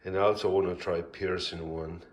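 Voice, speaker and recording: A man hosting a woodturning channel, talking through his project in a relaxed, rambling voice-over with fillers. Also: low-pitched, normal speed. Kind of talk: casual voice-over narration.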